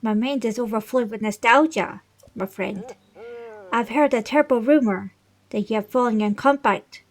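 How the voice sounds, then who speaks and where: A woman's voice: a little high, normal speed, close to an everyday voice. A woman voicing a stately old fish-folk king. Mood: nostalgic, pleading. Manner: formal, stately reading of game dialogue. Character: older male fish-folk king, regal and fatherly. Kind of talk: reading video game dialogue aloud.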